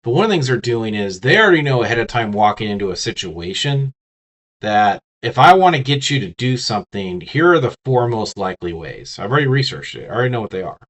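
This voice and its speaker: Hiccuping throughout, a man gives a casual business communication lecture in a fast, sing-song, medium-pitched voice with a fairly bright tone. He talks straight to the listener, frequently restarting and using fillers.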